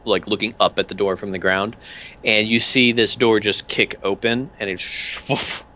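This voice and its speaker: A man's voice: lowish voice, fairly even intonation, moderate pace, bright, forceful tone. A man narrating as game master in a tabletop game, rambling with many fillers and restarts.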